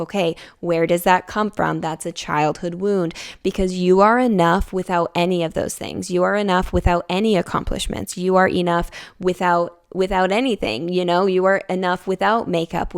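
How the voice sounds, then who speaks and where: A young woman hosting a personal self-help podcast, speaking in a low, smooth voice with a gravelly fry at the ends of phrases. She talks in a confiding, reflective way and leans on casual fillers like "like" and "you know". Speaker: podcast host.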